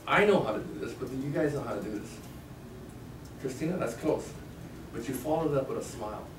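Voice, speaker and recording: A man's voice: medium pitch, brisk. A man giving a sales negotiation seminar to a live class, telling stories and acting out phone calls. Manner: animated, storytelling, acts out phone lines. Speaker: sales trainer. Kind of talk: seminar lecture. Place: training room with a live class. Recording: echoey room, mic far off, faint noise.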